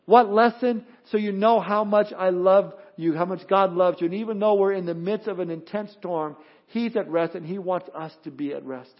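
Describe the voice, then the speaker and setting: A pastor preaching a sermon in an emphatic, animated way, often repeating words as he goes. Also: sits high, normal speed, highs cut off.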